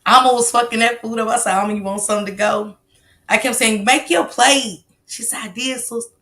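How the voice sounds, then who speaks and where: A woman hosts a casual live stream. Her voice is bright and forward, and she tells stories loudly and animatedly, full of slang and swearing. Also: on the high side, fairly even intonation, fairly quick.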